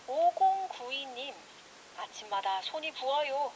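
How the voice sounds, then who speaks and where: A woman DJ on a studio radio show, her voice high and very quick. She drops into slow, clear English when she gives example phrases, then speeds up again in Korean. The broadcast sound is a little dull, with a faint hiss. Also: animated. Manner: switches rapidly between Korean and slow, clearly spelled English. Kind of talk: bilingual radio chat.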